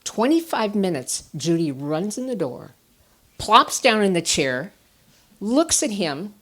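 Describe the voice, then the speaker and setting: A woman therapist giving a conference talk, telling personal stories with animated swings from quiet asides to emphatic bursts. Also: medium pitch, takes it slowly. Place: stage at a conference.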